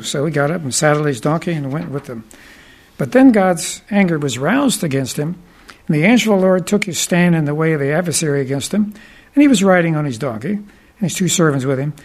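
A preacher with a fairly high, expressive voice recounts a Bible story during his sermon, talking deliberately and slipping into reflective asides.

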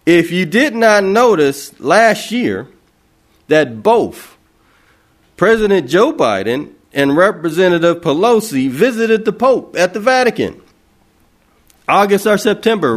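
A man preaching an impassioned sermon, asking rhetorical questions and repeating phrases for emphasis. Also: on the high side.

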